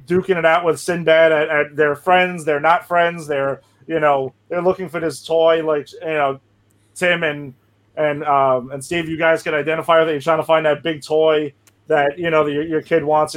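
A man's voice: fairly high pitch, little pitch movement, normal speed. A man co-hosting a casual podcast chat, talking with enthusiasm and stammering restarts. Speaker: podcast co-host.

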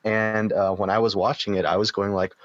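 A man's voice: lowish voice, level tone, brisk. A man on a film review podcast panel, giving his verdict in a wry, joking way. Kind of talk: casual film review chat. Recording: muffled lo-fi audio with faint noise.

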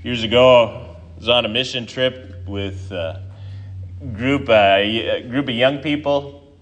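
A male pastor with a mid-range voice speaks unhurriedly in his sermon, heard through dull audio. After reading scripture, he tells a story in a relaxed, conversational way, often restarting his sentences.

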